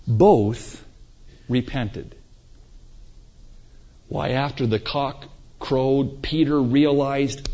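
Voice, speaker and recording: Man, preacher, sermon, emphatic, rhetorical questions, mid pitch, dull lo-fi recording. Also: a little mellow. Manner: emphatic, rising and falling for effect, rhetorical questions.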